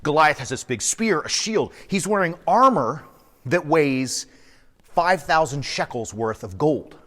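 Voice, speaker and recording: Priest guy telling a story, lively ups and downs, long echo around him. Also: fairly high pitch, unhurried. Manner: animated, enthusiastic storyteller. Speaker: priest and podcast host. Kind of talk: storytelling sermon podcast. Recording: long echoey reverb.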